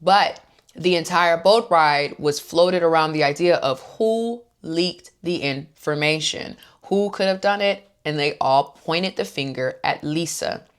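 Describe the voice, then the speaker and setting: Low-voiced chatty woman recapping reality TV. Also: measured pace, clear, resonant tone. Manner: chatty and opinionated, acts out quotes. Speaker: host.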